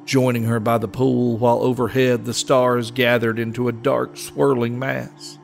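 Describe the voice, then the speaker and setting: Male storyteller narrating a dark tale. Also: medium pitch, little pitch movement, normal speed, creaky, soft background music. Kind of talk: scripted narration.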